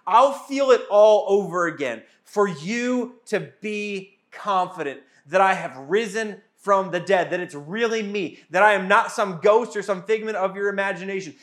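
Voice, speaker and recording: High-voiced male pastor preaching earnestly. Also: a bit bright. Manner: earnest and repetitive, speaking as Jesus in first person. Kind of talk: sermon.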